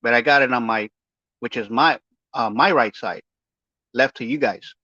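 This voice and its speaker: A man's voice: mid-range voice, normal speed, pushed and bright, dry recording. A man hosting a podcast, lisping and mumbling through a broken jaw and missing front teeth, rambling with stammered restarts and heated profanity. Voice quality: lisping, mumbled speech through a barely opened mouth. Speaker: podcast host giving a health update. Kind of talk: casual rambling monologue. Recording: dull, dry, lo-fi recording.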